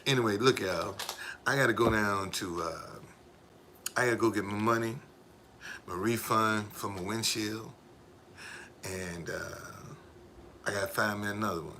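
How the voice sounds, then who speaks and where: A man's voice: fairly low pitch, measured pace, pauses often, pushed and bright, a little hiss or hum. A man live streaming in a casual, rambling way, repeating himself and talking straight to his viewers. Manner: repetitive, emphatic, addresses viewers directly.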